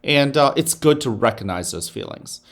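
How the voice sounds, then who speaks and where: A man speaking as a school principal, giving morning announcements to students and leading a guided breathing exercise in a slow, soothing way. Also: medium pitch, animated, a bit bright.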